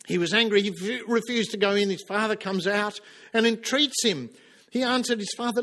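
A man preaching a sermon with passion, acting out the quoted speakers' lines and dropping to a hush for emphasis. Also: sits high, normal speed. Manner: impassioned, acts out quoted lines.

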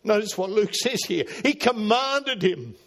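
A middle-aged man preaching a sermon, swinging from loud emphatic calls to quiet, low asides. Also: lively intonation, measured pace. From Australia. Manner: dramatic, rising to loud emphatic calls then dropping quiet. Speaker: pastor.

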